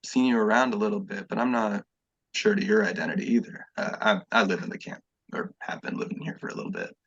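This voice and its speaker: A man's voice: on the low side, fast talker, slightly rough. A man voicing a hesitant, unsure young camp dweller in an online tabletop game. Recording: dull lo-fi mic.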